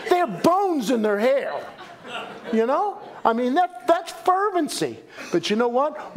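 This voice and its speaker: A middle-aged man preaching a sermon as pastor, animated and folksy, with joking asides and repeated phrases. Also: very high-pitched.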